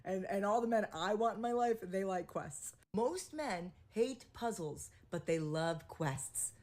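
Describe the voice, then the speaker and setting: A woman's voice: medium pitch, lively intonation, unhurried, a little mellow. A woman giving casual relationship advice in a chatty, emphatic way. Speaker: commentator.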